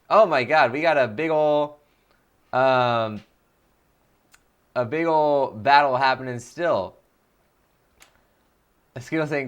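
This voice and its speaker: A man streaming a video game live, chatting casually and excitably with viewers in quick bursts. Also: medium pitch, smooth. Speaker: streamer, game let's-player.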